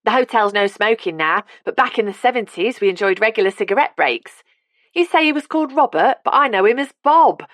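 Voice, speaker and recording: Elderly no-nonsense woman with a Cockney accent, put on by a woman reader, higher and louder, dry sound. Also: lively intonation, brisk, no echo. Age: older.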